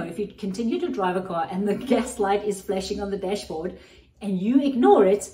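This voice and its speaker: A woman's voice: lowish voice, dark tone, recorded from a distance. Earnest woman in a roomy space. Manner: earnest, often asks "right?". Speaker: Christian podcast host and coach. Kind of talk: reflective personal teaching monologue.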